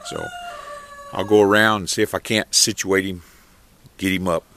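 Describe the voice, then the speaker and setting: A man's voice: low voice, steady tone, moderate pace, slight background noise. A man, casually narrating his chores outdoors in an animal pen, folksy and easygoing. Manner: folksy and rural, talks to his animals between explanations, calls dogs loudly. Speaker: homesteader filming his chores. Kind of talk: casual vlog narration while working.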